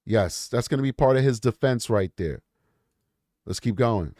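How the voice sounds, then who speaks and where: Reading viewer emails on his true crime show, this host keeps interrupting himself with blunt, scornful, emphatic commentary directed at his audience. His voice is medium-pitched and his pace brisk, in a dry, clean studio recording.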